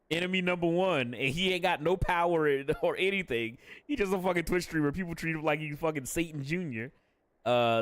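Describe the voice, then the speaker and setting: A man's voice: a little high, dry recording. A young adult man casually chatting on a live stream, candid and profane, laughing often between thoughts.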